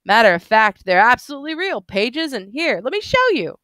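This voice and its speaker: A woman putting on a tipsy, excitable middle-aged man in big glasses, squeaking up high and swooping around as he insists and rambles, read aloud from a novel. The voice is smooth and the room is dry. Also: brisk, no room sound. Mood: excited.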